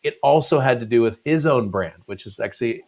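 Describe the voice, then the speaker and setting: A man's voice: mid-range voice, lively intonation, fairly quick, a little mellow. A man hosting a live online show, chatting casually, laughing and telling rambling side stories. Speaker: host.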